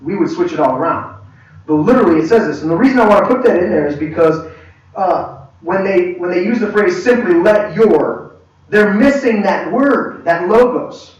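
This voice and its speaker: A man teaching a church leadership class in a conversational, halting way, with many restarts. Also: high voice, lively intonation. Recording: echoey room, far from mic, dull.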